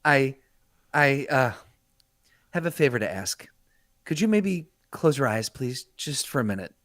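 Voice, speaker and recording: A man's voice: mid-range voice, big pitch swings, measured pace, a bit bright, no echo, studio quality, pitched below the performer's own voice. A man voicing a bossy young woman who casts a spell, in a comedic anime dub parody, talking in a curt, bossy way. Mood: hesitant.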